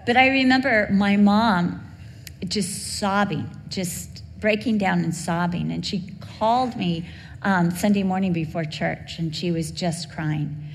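A woman's voice: medium pitch, measured pace. Middle-aged woman preaching in a reverberant hall. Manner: earnest, heartfelt storytelling. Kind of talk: sermon with personal story. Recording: long hall reverb, faint background hum.

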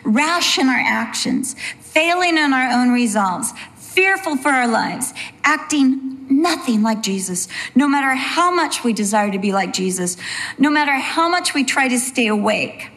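A woman teaching Bible study in an earnest voice. She slows down to stress points and slips into chatty asides. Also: high-pitched, animated, a bit bright.

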